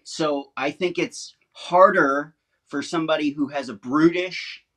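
Guy cohosting a chat show, middle pitch, laid back but gets animated explaining stuff. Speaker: talk show co-host. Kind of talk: casual chat.

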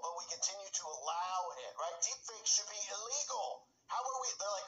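A man's voice: high voice, brisk, hardly any pauses, bright, forceful tone, roomy sound, low-quality recording. A man ranting in commentary style, agitated, often tagging his points with "right?". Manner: agitated, repeats "right?" often, mocks quoted people. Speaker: commentary channel host.

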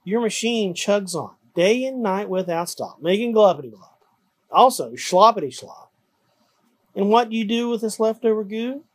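A grumpy old creature croaks out his complaints in a husky, breathy voice as a storyteller puts him on, his pitch swinging up and down as he scolds. This storybook read-aloud figure sounds indignant and stern. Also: sing-song, measured pace. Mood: angry.

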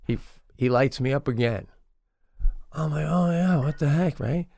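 A man co-hosting a podcast, telling a comic anecdote in an animated way and stumbling over his words as he goes. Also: a little high, normal speed, gravelly, no echo, clean studio sound. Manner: animated storyteller who stammers and restarts. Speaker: podcast co-host. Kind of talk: comedic anecdote.

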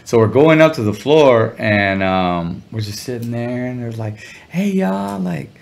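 A middle-aged man telling a story as an interview guest, relaxed and full of slang. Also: mid-range voice, normal speed. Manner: laid-back, chuckling, heavy slang. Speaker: guest musician.

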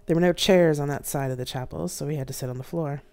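An author reading their own novel aloud in an expressive, dramatic live-streamed narration. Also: mid-range voice, fast talker.

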